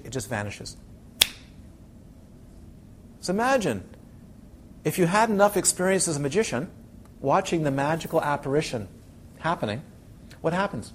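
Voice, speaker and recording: A man's voice: on the high side, normal speed, pauses often, slight background noise. A man teaching a Buddhist class to a room of students, asking them many questions and acting out little quotes. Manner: animated, asks the audience many questions, acts out quotes. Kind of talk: dharma talk to a class.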